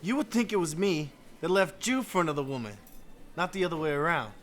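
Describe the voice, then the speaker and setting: An actor playing a defensive, dismissive ex-husband. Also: male voice, a little high, sing-song, brisk, a bit bright, slight background noise. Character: defensive ex-husband moving back, man, 30s.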